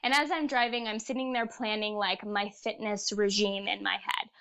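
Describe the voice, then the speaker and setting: A young woman guest on a casual podcast, telling personal stories in an earnest, animated way. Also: mid-range voice, moderate pace, clear, resonant tone.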